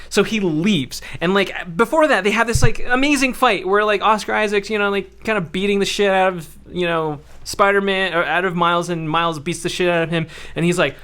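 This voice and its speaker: A man hosting a podcast, ranting in an animated way about a film in casual, profanity-laced talk. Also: sits high, brisk, hardly any pauses, clear, resonant tone. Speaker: podcast host.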